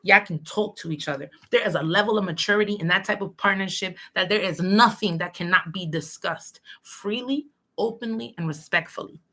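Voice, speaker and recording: A woman's voice: mid-range voice, brisk, hardly any pauses, pushed and bright. A woman giving a livestream tarot reading, talking bluntly and streetwise, with plenty of swearing and preachy advice. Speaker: tarot reader.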